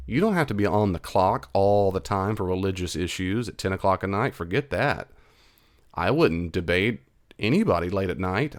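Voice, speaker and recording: A middle-aged man with a Southern US accent, a Christian counselor giving casual, reassuring advice in reply to an email. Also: on the low side. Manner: reassuring, encouraging, conversational with repeats.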